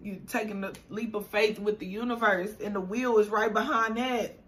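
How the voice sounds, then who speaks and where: A woman's voice: medium pitch, fairly even intonation, normal speed. A woman giving a spiritual tarot reading to her viewers, emotional and affirming, repeating herself as she gets choked up. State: choked up, near tears. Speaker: tarot reader.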